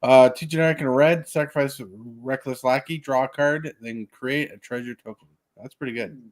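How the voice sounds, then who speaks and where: A man's voice: mid-range voice, moderate pace, no echo, studio quality. A man co-hosting a casual podcast chat, reading aloud in a plain, matter-of-fact way. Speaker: co-host.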